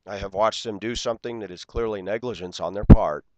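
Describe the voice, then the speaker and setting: A man's voice: lowish voice, a little fast, very noisy. A man in his forties telling an aggrieved story in an indignant, ranting way, acting out the dialogue. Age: 40s. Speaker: vlogger.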